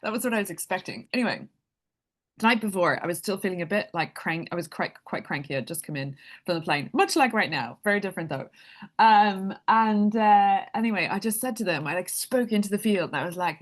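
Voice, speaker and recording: A woman's voice: mid-range voice, lively intonation, fairly quick. A woman telling a personal story in a casual, chatty way, laughing often and leaning on "like". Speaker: spiritual speaker.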